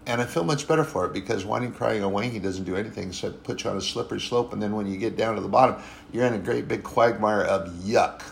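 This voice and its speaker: A man preaching a sermon in a conversational way, repeating phrases for emphasis and pausing to correct himself. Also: lowish voice, vocal fry, a little hiss or hum. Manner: conversational, repetitive and emphatic, with frequent restarts and apologies.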